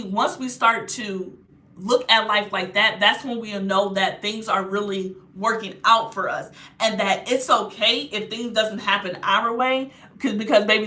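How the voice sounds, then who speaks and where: A woman's voice: medium pitch, sharp tone. A young woman spiritual healer giving a casual motivational talk, blunt and slangy, often checking in with the viewer. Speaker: spiritual healer and astrology reader.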